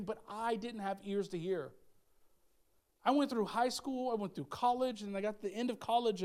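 High-voiced man preaching conversationally. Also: darkish tone. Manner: conversational, emphatic, with frequent asides. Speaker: pastor. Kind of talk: sermon.

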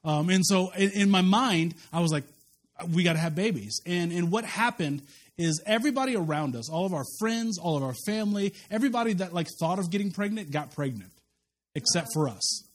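A man preaching a sermon as a pastor, telling a personal story with lively quoted voices and frequent restarts. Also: high voice, a little fast.

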